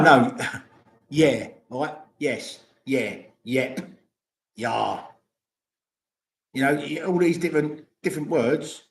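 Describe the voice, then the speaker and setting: Rambling older man, roomy echo. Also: mid-range voice. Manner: rambling, chatty, swears freely. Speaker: vlogger. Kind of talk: casual livestream chat.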